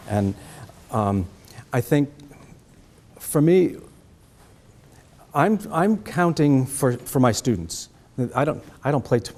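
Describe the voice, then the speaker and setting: A man's voice: medium pitch, dark tone. A middle-aged man with a Boston accent giving a trumpet master class, answering students' questions and checking in with "okay?".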